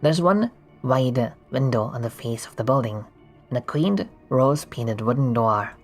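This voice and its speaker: A streamer casually narrating a text adventure game, reading the descriptions aloud with quick offhand asides. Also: mid-range voice, expressive, soft background music.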